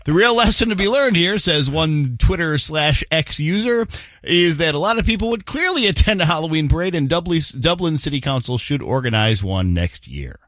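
A man's voice: fairly high pitch, sing-song, normal speed, fairly bright tone, no echo. A man reading light news stories in a jokey, casual morning-show chat. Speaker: news segment co-host.

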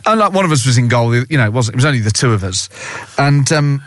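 A male radio host in casual banter, telling stories in an animated, laughing way. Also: medium pitch, fast, no room sound.

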